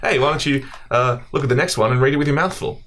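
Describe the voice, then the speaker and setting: A man's voice: mid-range voice, fast talker. Young Australian guy, self-mocking podcast co-host, laughs a lot, slight background hiss. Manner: joking, swearing, self-mocking, laughs often. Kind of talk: casual podcast chat.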